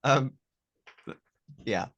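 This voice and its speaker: A man's voice: very slow, fairly bright tone, highs cut off. A man hosting a podcast, chatting casually with a guest and rambling into jokes with many restarts. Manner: joking, rambling, self-interrupting. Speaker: podcast host. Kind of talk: casual interview chat.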